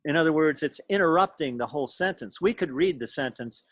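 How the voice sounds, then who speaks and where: A man's voice: a little high, quick pace, hardly any pauses, no echo. A man teaching a class over a video call, explaining things patiently and thinking aloud as he goes. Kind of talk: lecture to a class.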